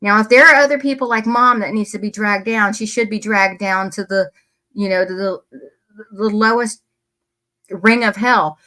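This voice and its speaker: A woman's voice: medium pitch, fairly even intonation, moderate pace, bright, forceful tone. A woman giving casual, blunt commentary, swearing and getting heated as she reads emails to viewers at a close desk microphone. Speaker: true crime commentator.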